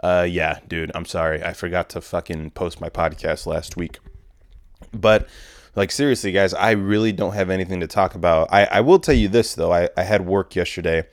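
A young man with a low, deep voice rants into his own podcast. He rambles, swears constantly and drips with sarcasm. The sound is dry and close, with no room around it. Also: steady tone, normal speed, dry recording. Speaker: podcast host. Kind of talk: casual comedic rant.

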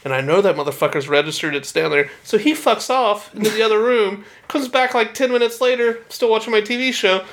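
A male podcast co-host telling animated, profane stories in casual chat. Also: sits high, brisk, hardly any pauses.

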